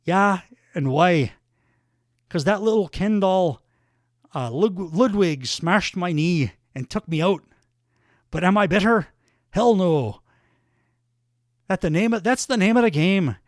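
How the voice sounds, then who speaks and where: A man puts on a brash wrestler who boasts and jeers in a loud, raised voice. The lilt is thick and the pitch sits high. The sound is close and dry. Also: expressive, takes it slowly, pauses often, dry recording. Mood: defiant. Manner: loud boastful trash talk. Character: impression of brash male Irish wrestler.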